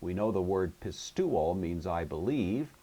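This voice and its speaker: Casting: deep-voiced male teacher, husky, patient and methodical lecture delivery. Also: expressive, dark tone. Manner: methodical, patient explaining with slow, drawn-out example words. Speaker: Greek teacher. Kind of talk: recorded grammar lecture.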